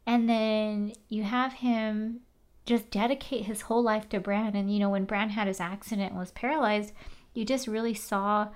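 A woman in casual recap chat, animated, swearing and using many fillers. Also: medium pitch, moderate pace.

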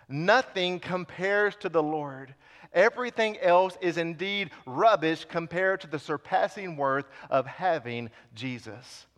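A man preaching a sermon with passion, swinging between loud appeals and hushed lines. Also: sits high. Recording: long hall reverb.

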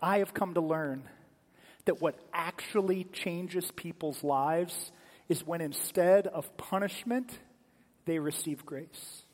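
A male pastor giving a sermon as animated, dramatic storytelling in a church sanctuary. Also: on the high side, takes it slowly, in a large hall.

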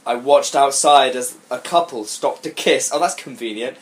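A man's voice: medium pitch, normal speed. A man co-hosting a comedy podcast, reading fan fiction aloud in a mock-melodramatic way, swearing, laughing and commenting between lines. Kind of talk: comic dramatic reading with commentary.

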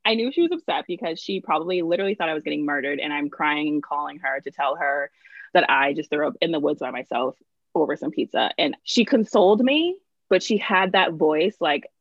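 Young woman co-host, casual rambling storyteller, lowish voice, dry dull recording. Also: lively intonation, brisk, no echo. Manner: chatty, lots of "like" and restarts, laughs through stories.

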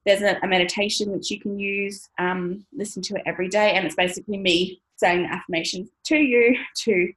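A woman's voice: mid-range voice, fairly even intonation, fairly quick, few pauses, a bit bright, poor audio. Chatty woman coaching on camera. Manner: chatty, swears casually, laughs often. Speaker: money mindset coach. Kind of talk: casual talking-to-camera coaching.

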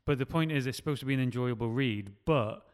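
A man's voice: medium pitch, quick pace, clean tone, in a large hall. A man, a scriptwriter, talking casually and rambling with many restarts. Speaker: scriptwriter and podcast host. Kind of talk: casual chat.

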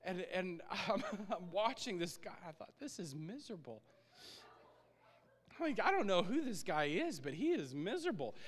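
A man preaching a sermon in an animated way, laughing often and acting out his own prayers, recorded in a church sanctuary. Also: high voice, normal speed, hardly any pauses. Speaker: pastor. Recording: long reverb of a church hall.

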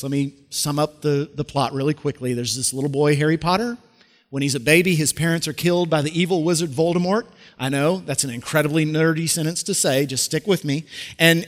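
A middle-aged man preaching a sermon, conversational and animated, with rhetorical questions and frequent restarts. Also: on the high side, long reverb tail. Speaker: pastor.

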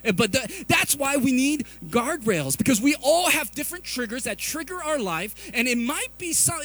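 Pastor, middle-aged man, fairly high voice, lively confessional sermon delivery. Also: fairly quick, hardly any pauses, faint music behind. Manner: animated, confessional storytelling with many restarts.

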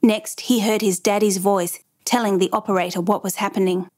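A woman reading a dramatic true story aloud in measured, even narration. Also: medium pitch.

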